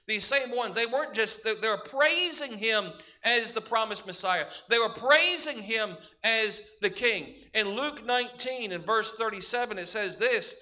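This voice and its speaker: A man's voice: sits high, pushed and bright. A man preaching a sermon as pastor, emphatic, building his points through repeated parallel phrases.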